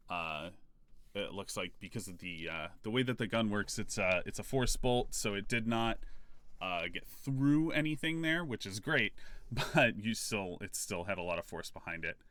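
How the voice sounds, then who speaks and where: A man narrating a tabletop game as game master, in halting, filler-heavy speech. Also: lowish voice, sharp tone, no echo.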